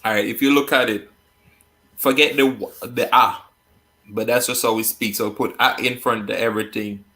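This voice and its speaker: Male host, bright tone, playful and laughing, explains slang to viewers. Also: mid-range voice, fairly even intonation, moderate pace. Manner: playful, laughs often, reads viewer comments aloud. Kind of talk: casual chat teaching slang.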